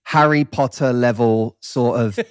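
A man's voice: mid-range voice, fairly even intonation, measured pace, smooth. A man from East London with a Cockney accent, chatting as an interview guest and often laughing as he talks. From East London, England. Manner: wry, laughs often while talking. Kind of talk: casual interview chat. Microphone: close studio mic.

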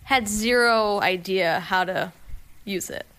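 Young woman, podcast guest, casual storytelling, bright tone. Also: mid-range voice, takes it slowly, clean tone. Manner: animated storytelling, lots of "like". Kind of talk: casual chat.

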